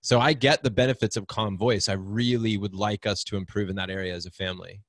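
A podcast host, a man with a fairly low voice, who talks with eager, emotional energy. He asks questions and reacts with open enthusiasm. His voice is recorded close and dry. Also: steady tone, fast talker, no echo. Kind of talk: podcast interview.

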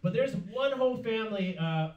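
A man's voice: high voice, lively intonation, fairly quick, lo-fi sound, slight background noise. A man performing a stand-up comedy set in a club, telling a story and laughing through his lines. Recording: roomy club sound from far off, loud audience.

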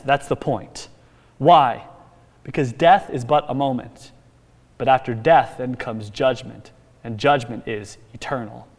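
A man, the pastor, preaching an emphatic sermon that swings from quiet lines to loud bursts. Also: mid-range voice, measured pace, big-room sound. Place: church sanctuary.

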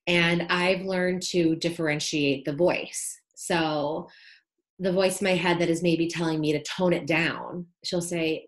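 A woman's voice: fairly low pitch, fairly even intonation, measured pace. A woman, a podcast guest talking earnestly and reflectively in a casual interview. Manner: earnest, reflective, uses like and you know.

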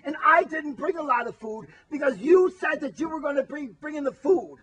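A man playing a squeaky whiny camper. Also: expressive, normal speed, rough recording. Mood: shouting, whiny. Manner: whining, complaining, often shouting. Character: whiny, food-obsessed grown man camper. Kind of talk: amateur comedy spoof acting.

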